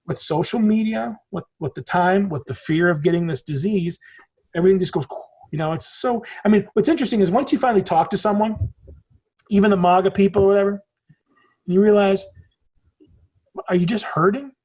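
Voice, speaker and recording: A man's voice: sits high, a little fast, pauses often, darkish tone, husky. A man in his forties, a podcast guest in casual conversation, telling rambling stories and swearing casually. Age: 40s.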